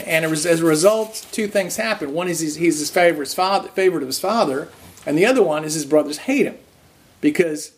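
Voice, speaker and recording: A man preaching an earnest sermon, restarting phrases and slowing to stress key words. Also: high-pitched. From raised Roman Catholic.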